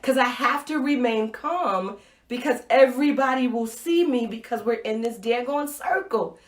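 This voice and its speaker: Woman host, live-stream inspirational talk, animated storyteller, higher voice, echoey room. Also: normal speed. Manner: animated storytelling, acts out her own reactions; drops to a soft, intimate voice for key points. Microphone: Facebook Live stream, webcam or phone mic.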